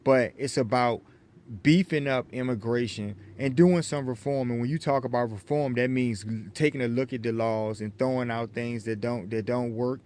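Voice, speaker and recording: An American man giving an opinion monologue to his viewers, lecturing them with many halting restarts. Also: medium pitch, a little mellow. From United States. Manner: lecturing, repetitive restarts, addresses viewers as folks. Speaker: vlogger.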